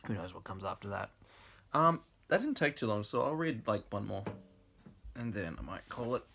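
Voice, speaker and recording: Low-voiced young man reading aloud. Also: sing-song, normal speed, vocal fry, fairly bright tone, faint music behind. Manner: laughs through the reading, casual asides. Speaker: host reading fan fiction aloud. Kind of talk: comic dramatic reading with asides.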